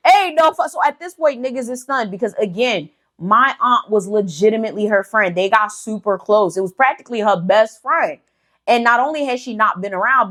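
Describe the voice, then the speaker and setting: A woman's voice: mid-range voice, fairly bright tone. A young woman hosting a casual storytelling vlog, chatty, swearing freely and leaning on fillers like "you know". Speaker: storytime channel host.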